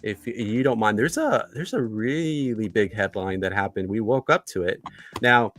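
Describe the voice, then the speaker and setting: Chatty, low-voiced male livestream host. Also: expressive, moderate pace, fairly bright tone, soft background music. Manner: chatty, greets viewers and reads their comments aloud; filler-heavy, repeats himself. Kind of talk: casual livestream chat.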